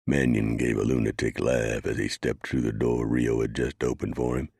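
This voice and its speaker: A man reading a western audiobook in measured scripted narration. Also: rumbling low, level tone, vocal fry, darkish tone, breathy edge, no room sound, studio quality.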